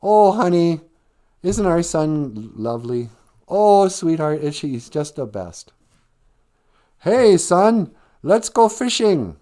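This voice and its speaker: A man's voice: fairly high pitch, big pitch swings, slow pace, warm tone, pitched above the performer's own voice. A man voicing an overly cheerful, wholesome sitcom-style parent in a goofy, exaggerated way.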